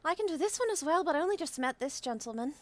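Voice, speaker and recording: A woman voicing a chatty young female adventurer who mimics voices, talking in a rapid, rambling, theatrical way in a tabletop game. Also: high voice, lively intonation, bright, forceful tone, dry recording. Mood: uneasy.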